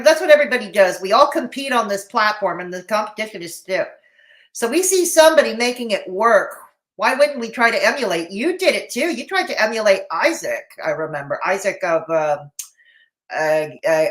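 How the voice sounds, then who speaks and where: A woman with a Canadian accent hosts a live commentary stream, her medium-pitched voice fairly bright. She's blunt and mocking, and the recording has a roomy echo.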